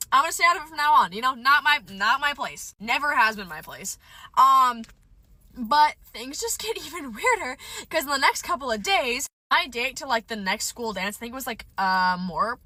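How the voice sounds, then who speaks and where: A woman's voice: a little fast, no echo. A young woman telling a school drama storytime in a casual, slangy way, acting out the quotes with big jumps in her voice. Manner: animated, slangy, acts out quotes with jumps in pitch.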